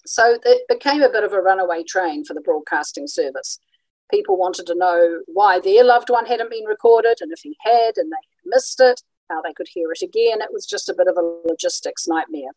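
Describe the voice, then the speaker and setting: A woman gives an informal history talk, thinking aloud with frequent ums and small restarts. Her voice sits slightly low. The recording is dry and close, with no room sound. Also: normal speed, a little mellow, dry recording, poor audio. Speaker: presenter on radio history.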